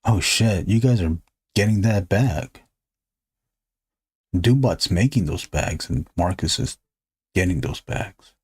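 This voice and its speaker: A man's voice: low voice, animated, slow, long pauses, a little mellow, husky, no echo. A man hosting a drawing live stream, chatting casually in a rambling, joking way and swearing freely. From United States. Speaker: artist and live stream host.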